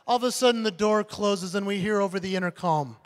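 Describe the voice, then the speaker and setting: A motivational speaker, a man, telling an animated story on stage and acting out the voices. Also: sits high, fairly quick. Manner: animated, acts out voices, builds to punchlines. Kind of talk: keynote storytelling speech. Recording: long hall reverb.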